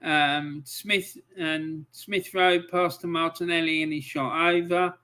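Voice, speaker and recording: A man provides live match commentary on a stream, his voice on the high side, slow and clean in tone. He swears often, breaking out of calm play-by-play into angry outbursts.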